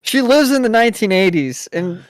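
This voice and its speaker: A man's voice: sits high, expressive, normal speed, no room sound, studio quality. A man co-hosting a podcast, talking in a laid-back, rambling way and laughing often. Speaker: podcast co-host. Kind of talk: casual chat.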